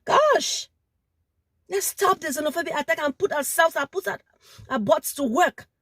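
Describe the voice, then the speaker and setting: A woman's voice: high-pitched, a little fast, a bit bright, dry recording, studio quality. A woman makes an impassioned appeal straight to camera. She is emphatic, repeats phrases and stumbles over words, and she is sweating in the heat. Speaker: vlogger.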